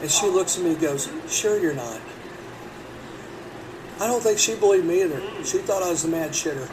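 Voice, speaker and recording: A man's voice: sits high, moderate pace. A middle-aged man, a podcast host, telling a long profane story in a rambling casual way. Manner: rambling, profane, animated when quoting. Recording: distant mic with background noise.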